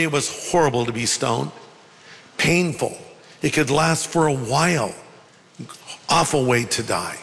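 A man's voice: on the high side, a bit bright, long reverb tail. A male pastor preaching a sermon in a conversational storytelling way, with humorous asides.

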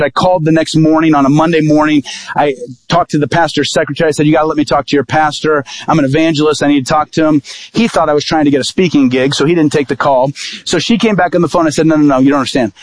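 A man preaching as an evangelist, telling a personal story in a lively sermon style and acting out what people said. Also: a little high, quick pace. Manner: vivid storytelling, acting out quoted dialogue.

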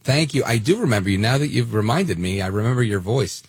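A man hosting call-in talk radio, blunt and conversational with a gravelly voice. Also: mid-range voice, animated, fast, no room sound. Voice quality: gravelly and husky. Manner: blunt, conversational, many fillers. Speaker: radio talk show fill-in host. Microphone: studio microphone.

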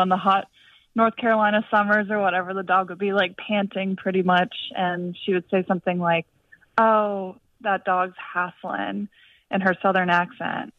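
A woman's voice: medium pitch, dry recording. A woman calling into a radio show, telling a story in a chatty way full of fillers. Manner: chatty, lots of likes and fillers. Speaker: caller. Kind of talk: phone-in chat. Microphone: telephone. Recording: tinny distant phone line.

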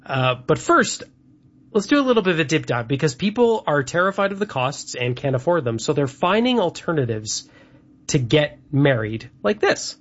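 A man's voice: on the high side, very animated, normal speed, a bit bright. A man hosting a casual chat, talking in a rambling way with lots of fillers. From Canada. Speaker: host. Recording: dull lo-fi sound.

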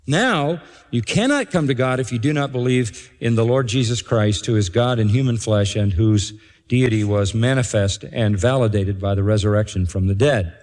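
A man preaching an expository sermon, emphatic, repeating key phrases and slowing down to stress them. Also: mid-range voice, a little mellow. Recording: long hall reverb.

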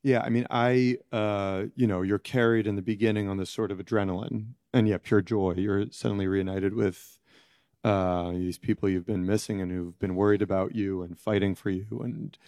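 A middle-aged man giving reflective interview answers, halting and searching for words as he goes. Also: lowish voice, fairly even intonation, a little mellow, no room sound, studio quality. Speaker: interview guest, former prisoner.

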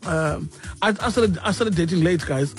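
A high-pitched man hosts a breakfast radio show. He tells stories with animated energy and switches freely between isiXhosa and English, with music playing faintly underneath. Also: moderate pace. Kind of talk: casual radio banter.

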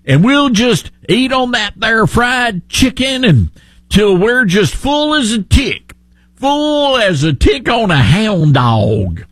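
A man voicing a folksy male Southern politician with a slow, sing-song, put-on Southern drawl, higher than his own voice. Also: sing-song, a bit bright, no room sound, clean studio sound, exaggerated voice. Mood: mock-folksy.

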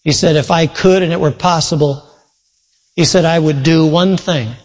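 Man, pastor, sermon storytelling, earnest, slightly high voice, long reverb. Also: normal speed, darkish tone. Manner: retells a story with many quoted voices, earnest.

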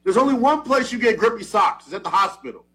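A man co-hosting a show, teasing in casual banter, with his voice jumping up when he gets excited. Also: quick pace. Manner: animated, teasing, jumps up in pitch when excited. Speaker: co-host.

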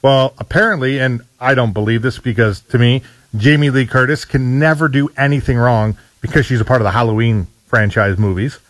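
A man's voice: mid-range voice, brisk, dry recording, poor audio. A man co-hosting a morning radio show, chatting casually and laughing easily. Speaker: radio co-host.

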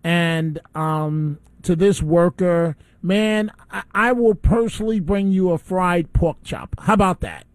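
A man hosting a call-in radio show in a high, bright-pitched voice, heated and indignant as he rants. The sound is close and dry, with no room around it. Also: slow, few pauses, no echo. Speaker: radio talk show host.

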